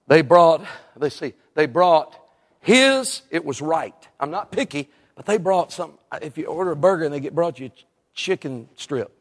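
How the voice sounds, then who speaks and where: A male evangelist, telling an animated story in a sermon and acting out the people in it. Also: on the high side, normal speed. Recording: long reverb in a large hall.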